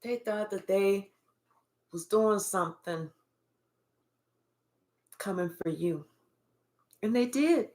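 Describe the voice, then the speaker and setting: A woman's voice: mid-range voice, expressive, slow, long pauses, a little mellow. A woman giving a spiritual reading in an emphatic, profane, repetitive way. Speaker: tarot reader.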